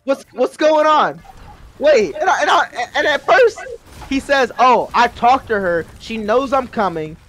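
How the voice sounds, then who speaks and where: A man in his twenties telling a rambling, profane story casually while gaming, breaking into loud, excited bursts. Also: very high-pitched, unhurried.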